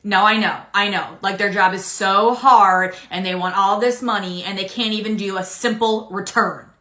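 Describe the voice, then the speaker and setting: A woman's voice: mid-range voice, fairly even intonation, normal speed, sharp tone, close to an everyday voice. A woman playing an entitled, condescending customer in a comedy skit, demanding and indignant. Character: entitled rude middle-aged woman customer. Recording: roomy echo.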